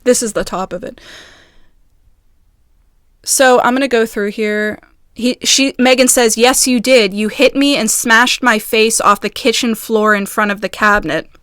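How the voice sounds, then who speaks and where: A woman talks into a phone in a casual vlog, her voice sitting a little high. She reads messages aloud in hurried bursts and breaks off with agitated, halting asides. The sound is close and dry, with no room around it. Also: fairly even intonation, fairly bright tone, no echo. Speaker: vlogger.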